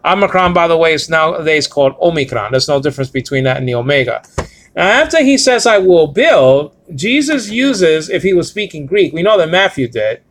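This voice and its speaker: A man with a fairly high voice teaching a casual Bible Greek lesson. He stops often to check that listeners follow, fills pauses with "uh," and slows down to sound out words letter by letter. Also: very animated, fairly bright tone. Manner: halting, with frequent fillers and "okay?" checks. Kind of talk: informal Greek grammar lesson.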